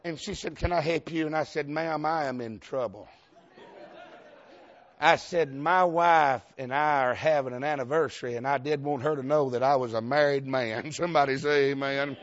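Folksy Southern preacher, lo-fi. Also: male voice, on the high side, steady tone, a little fast, hardly any pauses, some chatter behind. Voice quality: folksy, emphatic, laughs often, calls for amens. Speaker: Baptist preacher. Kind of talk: storytelling sermon. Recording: dull lo-fi sound.

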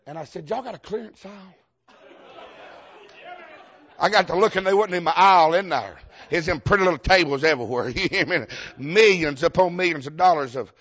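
A man's voice: high voice, fairly bright tone. A man with a Southern US accent, a Baptist preacher telling a humorous story in a sermon, folksy and emphatic, laughing often and calling out to the congregation. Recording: dull lo-fi sound.

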